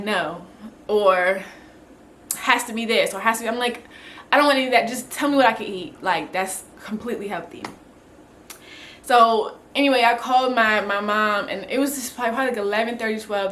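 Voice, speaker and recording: Chatty young woman, slightly high voice. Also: a bit bright, slight background noise. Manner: chatty, rambling, lots of "like" and "literally". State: pregnant. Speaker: vlogger. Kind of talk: casual pregnancy vlog chat.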